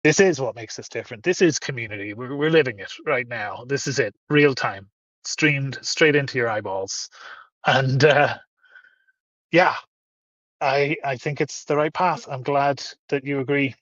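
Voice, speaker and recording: A man's voice: medium pitch, normal speed, fairly bright tone, dry recording, muffled recording. A man hosting a casual live-streamed chat, upbeat and effusive. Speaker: host.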